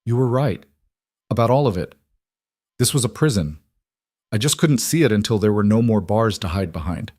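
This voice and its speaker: A man's voice: on the low side, normal speed, long pauses, a little mellow, no echo, studio quality, natural voice. A man voicing a middle-aged mother whose voice is strained but determined.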